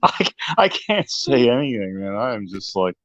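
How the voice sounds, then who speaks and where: A man's voice: mid-range voice, sing-song, moderate pace, crowd noise. A man on a sports talk panel, stunned and sarcastic, swearing as he reacts to the game. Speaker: panelist calling in. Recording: lo-fi remote line.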